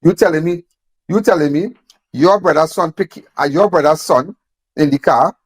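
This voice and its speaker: Guy going off, high pitched, repeats himself a lot, dry sound. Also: no room sound. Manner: emphatic, repeats phrases, rapid-fire rhetorical questions. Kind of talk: impassioned on-camera talk.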